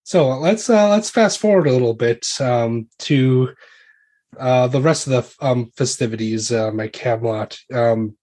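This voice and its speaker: Relaxed man running a tabletop game. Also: medium pitch, measured pace. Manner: loose, hesitant narration full of ums and likes. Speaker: game master.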